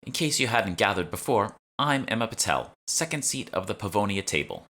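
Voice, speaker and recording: A man voicing a sarcastic young woman with a British accent who teases with quick quips. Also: on the low side, very animated, bright, forceful tone, pitched above the performer's own voice, heavily acted. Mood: wry.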